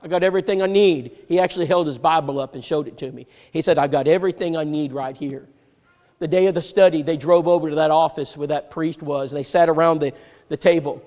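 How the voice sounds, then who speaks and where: Preacher telling a story in a reverberant hall. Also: male voice, fairly high pitch, quick pace. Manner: acts out quoted dialogue with sharp swings from loud to hushed. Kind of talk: sermon storytelling. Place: church sanctuary.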